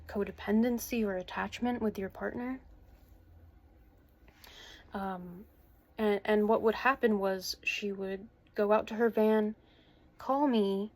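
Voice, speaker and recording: A woman in her twenties speaks to camera from her bedroom at home, telling a personal story. Her voice sits at an ordinary mid pitch. She talks in an earnest, halting way, pausing and starting sentences over as she goes. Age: 20s. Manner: hesitant and earnest, with many pauses and restarts. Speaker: vlogger.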